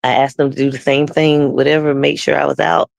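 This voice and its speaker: A woman's voice: low-pitched, level tone, brisk, creaky, no room sound. A woman guest telling her personal faith testimony, acting out the people in her story and often losing her words and restarting. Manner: loses her words and restarts mid-sentence.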